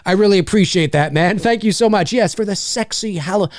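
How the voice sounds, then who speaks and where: Lively, rambling man hosting a fan Q&A. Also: sits high, a little fast, few pauses, no echo, studio quality. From Canada. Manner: rambling, laughs often, hams up movie quotes. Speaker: host answering viewer questions. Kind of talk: casual live-stream Q&A chat.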